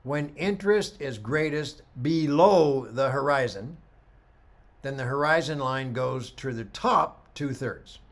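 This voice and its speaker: Animated middle-aged male photography teacher. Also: mid-range voice. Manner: animated storyteller, acts out dialogue. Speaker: photography instructor. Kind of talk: lecture with slide commentary.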